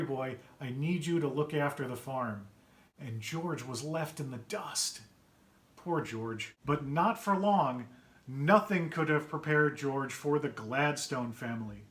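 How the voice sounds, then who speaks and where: A man reading his own picture book aloud to children, chatty and gentle, pausing to point out pictures and ask questions. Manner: puts on brighter higher voices for characters' quoted lines. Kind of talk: read-aloud story time for children.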